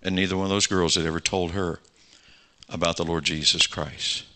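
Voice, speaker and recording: A man's voice: sits low, fairly even intonation, brisk, pushed and bright. A pastor in his sixties, preaching a sermon and telling stories with acted-out dialogue, building to fervent exhortation.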